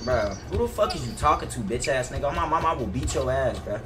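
A man's voice: mid-range voice, lively intonation, fast, over music. A young man streaming a basketball video game, trash-talking another player in a profane, heated way. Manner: profane, heated, bro-heavy taunting. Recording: distant mic with clear background noise.

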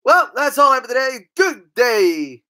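A woman's voice: sits high, very animated, moderate pace, sharp tone. A woman telling comedy stories in a rambling, stumbling way, with crude, brash asides. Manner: rambling, stumbling storytelling with restarts. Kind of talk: stand-up style comedy bits.

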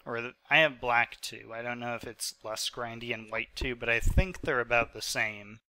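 A sharp-toned, medium-pitched man speaks at a moderate pace with no room sound. As host of a gaming channel, this ill, hiccuping twenty-five-year-old chats aimlessly over his post-recorded gameplay, dropping frequent fillers.

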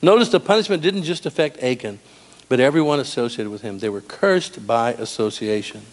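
A man preaching a sermon in a church, animated and storytelling with humor. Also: mid-range voice, a little fast. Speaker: pastor. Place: church sanctuary.

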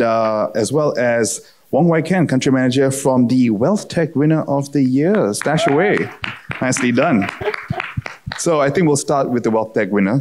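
A man's voice: medium pitch, darkish tone, slight background noise. A man moderating a conference panel, polished and upbeat with a few fillers.

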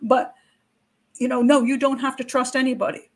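A woman's voice: high voice, flat delivery, moderate pace, long pauses. An older woman hosting true-crime commentary, giving frank, opinionated views straight to viewers with casual asides and rhetorical questions. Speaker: criminal profiler and channel host.

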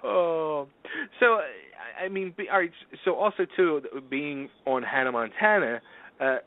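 A man's voice: fairly high pitch, animated, unhurried. A man hosting a casual interview, asking chatty, hesitant questions full of fillers. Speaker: host. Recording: lo-fi radio broadcast.

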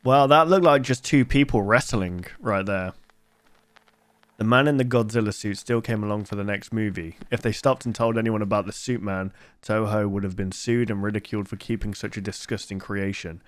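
A young man hosting a casual reaction video, chatty and quick to make joking asides. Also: lowish voice, no room sound. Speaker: host.

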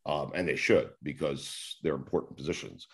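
A man's voice: very deep voice, normal speed, slightly rough. A man in his forties from New York, a sports radio host telling long rambling stories in a casual interview, swearing now and then. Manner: rambling, acts out old conversations, swears casually.

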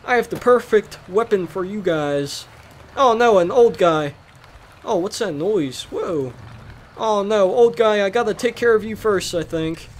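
A young man hosting a Let's Play, rambling casually as he plays and bursting into excited shouts. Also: high voice, unhurried. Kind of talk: casual gameplay commentary.

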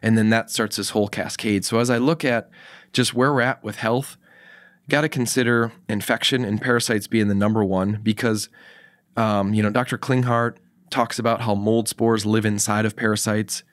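With a lowish yet fairly bright voice, fairly even intonation, and moderate pace, this man appears as a health expert guest in a podcast interview. He shares a personal anecdote loosely and emphatically, voicing the dialogue himself amid fillers and restarts; the studio-quality audio has no room sound.

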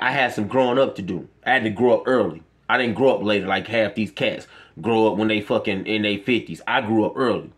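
A man, giving an impassioned, profane monologue to his viewers as a vlogger. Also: medium pitch. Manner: impassioned, profane, preachy ranting. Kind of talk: emotional monologue to camera.

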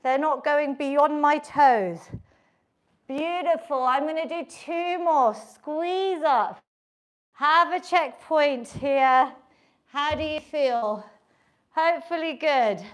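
High-voiced woman coaching a workout. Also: slow. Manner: encouraging, counts reps and coaches form. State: out of breath at times. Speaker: fitness instructor. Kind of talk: live workout instruction. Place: home workout space.

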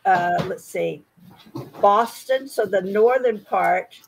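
This Virginia woman in her sixties, from the United States and speaking with an American accent, leads a casual conversation lesson as an English tutor on a video call. Her medium-pitched voice is slow with vocal fry, she often repeats words as she begins, and background noise is audible.

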